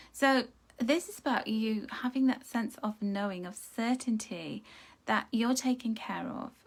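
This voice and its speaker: Woman, card reader, live chatty reading, drifts soft and slow on affirmations. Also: medium pitch. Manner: chatty, warm-hearted, laughs and reacts to viewer comments.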